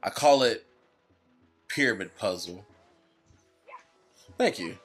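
A man's voice: fairly low pitch, lively intonation, slow pace, a bit bright, faint music behind. A man commentating a video game with a friend in casual, profane, teasing banter. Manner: profane, teasing, bursts into made-up song. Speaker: let's play commentator.

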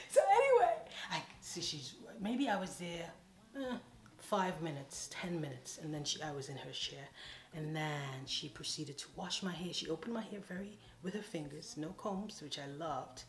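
A woman's voice: low-pitched, normal speed, a crowd in the background. Chatty woman, echoey room. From Caribbean island. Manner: chatty, animated, playful asides. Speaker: vlogger. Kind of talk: casual storytime.

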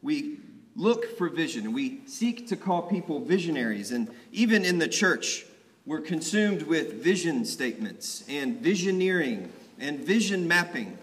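At an ordination in a church sanctuary, a young preacher tells the story vividly and conversationally in a fairly high, sing-song voice. His pace is measured and his tone fairly bright, with long church reverb behind it.

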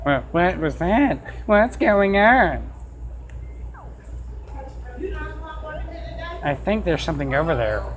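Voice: mid-range voice, big pitch swings, a little slow, a little hiss or hum. A player voicing a gushing, awkward young fan in a goofy put-on voice. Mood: puzzled.

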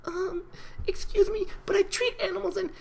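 A man doing squeaky timid Fluttershy. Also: little pitch movement, normal speed, creaky. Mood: timid pleading. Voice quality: squeaky high falsetto. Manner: soft, hesitant. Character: timid, gentle young female pony.

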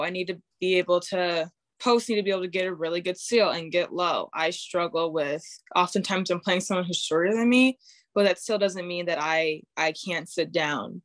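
A teenage girl who plays high school basketball answers interview questions candidly in a casual chat, laughing as she acts out her thoughts on the court. The recording is dry.

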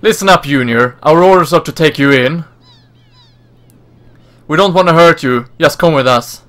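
A man's voice: fairly high pitch, normal speed, fairly bright tone, close to an everyday voice. A man voicing a stern male knight commander who gives curt, bossy orders.

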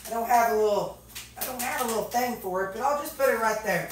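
A chatty woman with a drawl talks through her kitchen tidying, filling pauses with ums and musing aloud. Her voice sits a bit high and bounces around a bare, echoey kitchen, picked up from a few steps away. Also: slight background noise. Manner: chatty, thinking aloud, many fillers. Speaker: vlogger. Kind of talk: casual chat while organizing. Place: home kitchen. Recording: very echoey room, mic at a distance.

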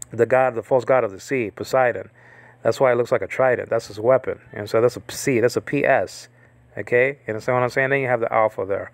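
A man's voice: medium pitch, gravelly, fairly bright tone, no echo. A man giving an informal lesson on reading New Testament Greek, often restarting and repeating words to drill pronunciation. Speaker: Bible Greek teacher.

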